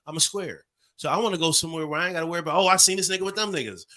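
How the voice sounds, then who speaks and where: Guy in his 40s on a podcast, bright forceful voice, kinda high, acts out every voice in his story. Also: very fast. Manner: animated, acts out voices and sounds. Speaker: podcast co-host. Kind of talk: casual storytelling.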